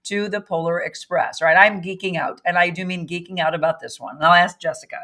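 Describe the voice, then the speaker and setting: Woman, host, casual live chat, upbeat, chatty, bright voice. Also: lowish voice, fairly even intonation, quick pace. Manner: chatty, upbeat, greets viewers by name.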